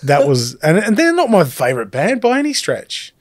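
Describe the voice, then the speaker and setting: A middle-aged Australian man, a guest DJ, telling a story in a casual and animated way, swearing freely. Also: a little high, moderate pace, dry recording, clean studio sound.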